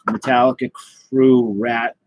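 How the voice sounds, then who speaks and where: A man's voice: mid-range voice, flat delivery, unhurried, dull audio, noisy background. A man hosting a casual live stream, rambling loosely and greeting viewers by name as he reads their comments. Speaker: livestream host.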